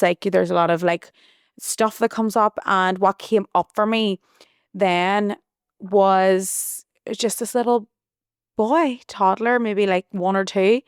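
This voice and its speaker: A woman's voice: medium pitch, fairly even intonation, measured pace, clean tone, no echo, studio quality. A young woman hosting a podcast, telling a personal story in a chatty, rambling way full of restarts. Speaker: podcast host. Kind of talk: casual storytelling monologue.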